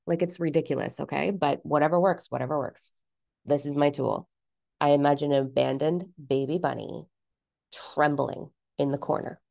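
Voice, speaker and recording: A woman with a deep, creaky voice rants bluntly and animatedly through self-help advice in a candid motivational style, swearing casually. The sound is dry and close with no room echo.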